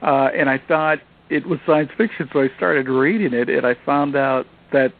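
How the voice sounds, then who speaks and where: Gravelly middle-aged male radio host. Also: mid-range voice, steady tone, moderate pace. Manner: affirming, chatty, short agreements. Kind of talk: phone-in radio interview. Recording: phone-quality line with faint hiss.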